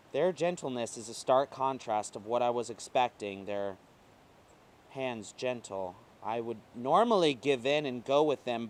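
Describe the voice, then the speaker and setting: A man reads a first-person short story aloud. His pitch sits in the middle of the usual range for men. His delivery is emotive, dropping low and hushed and then rising hard. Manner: emotive, swinging between quiet and intense. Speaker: reader.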